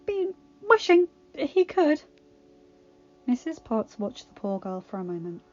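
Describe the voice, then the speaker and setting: A woman narrating a storybook aloud, expressive and steady. The sound is a little dull and lo-fi, with faint music playing underneath. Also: medium pitch. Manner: expressive, voices the characters. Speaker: audiobook reader.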